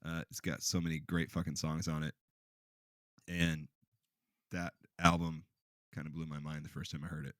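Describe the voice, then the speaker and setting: A man's voice: rumbling low, flat delivery, moderate pace, pauses often, fairly bright tone, no room sound, studio quality. A man hosting a podcast in casual, joking chat, swearing freely. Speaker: podcast host.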